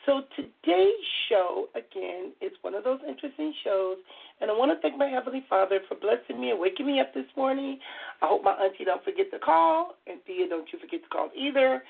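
A middle-aged woman with a hoarse voice hosts a call-in radio show, chatty and earnest as she tries to keep her voice soft. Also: on the high side. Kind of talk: call-in talk radio monologue. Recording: tinny phone-line audio.

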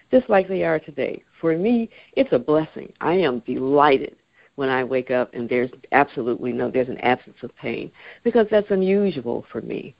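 A woman in her sixties speaking as a radio interview guest, calm, earnest and reflective. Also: deep voice, gravelly, no room sound. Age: 60s. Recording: dry, dull lo-fi radio sound.

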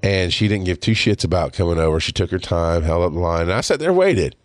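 On his own podcast, a man with a low, animated voice tells a story fast, heated and profane, slipping into impressions of other people. The recording is dry.

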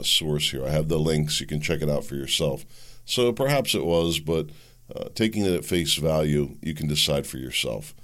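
A man hosting a political commentary podcast, talking casually and sarcastically, mocking the voices of his opponents. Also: a bass voice. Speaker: podcast host.

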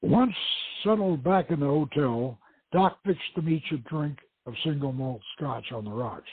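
The host of a radio show reads aloud from a novel he wrote, narrating in a measured storytelling style. The line sounds tinny and phone-like without echo, and his rather high voice carries a breathy edge.

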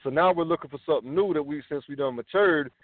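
A man's voice: a little high, fast, no room sound. A man co-hosting a casual talk radio show, rambling and philosophizing with plenty of swearing. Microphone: phone in hand. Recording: tinny phone-line sound, dry.

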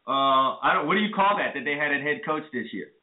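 Argumentative sports radio host. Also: male voice, fairly high pitch, expressive, fast talker, over a noisy crowd. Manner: argumentative, makes predictions. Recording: roomy, phone-like audio.

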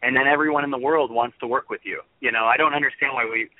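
A man's voice: medium pitch, fairly even intonation, fast, dry recording. Earnest man on a tinny phone line. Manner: earnest, rambling spiritual talk. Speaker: guest. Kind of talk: phone-in radio interview.

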